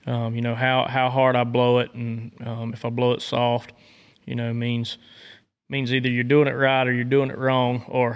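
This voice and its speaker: A man from Georgia with a Southern accent, explaining dog training in a casual chat, measured and steady. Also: mid-range voice, clear, resonant tone. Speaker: dog trainer and duck hunter.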